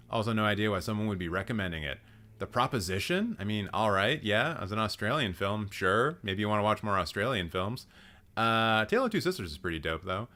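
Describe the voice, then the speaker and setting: A man's voice: lowish voice, pushed and bright. Sarcastic guy hosting a live stream, blunt, curses a lot, voice bounces around. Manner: blunt, sarcastic, swears freely. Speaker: host.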